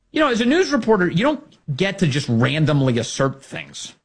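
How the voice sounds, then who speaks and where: Sarcastic husky male commentator. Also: on the high side, fairly quick, few pauses. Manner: mocking, with lively put-on quotes. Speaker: political commentary host.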